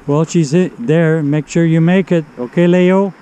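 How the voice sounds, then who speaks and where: Earnest pleading middle-aged street preacher. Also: male voice, a little high, measured pace, warm tone, slight background noise, low-quality recording. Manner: earnest, pleading, keeps urging. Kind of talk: one-on-one street evangelism. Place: outdoors in a city park in winter.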